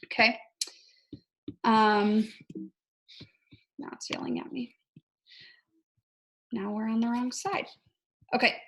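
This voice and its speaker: A woman's voice: fairly high pitch, a bit bright. A woman coaching her fitness team on a casual video call. She is chatty, often says "like" and checks in with "right?". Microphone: video call mic.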